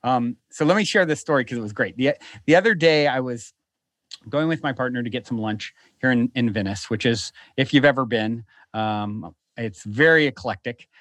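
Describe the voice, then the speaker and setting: Male guest, mid-pitched, animated and rambling, with a dry recording. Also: normal speed, no echo. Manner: animated, rambling, many restarts. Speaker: podcast guest who hosts his own show. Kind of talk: casual storytelling. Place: lives in a beach town.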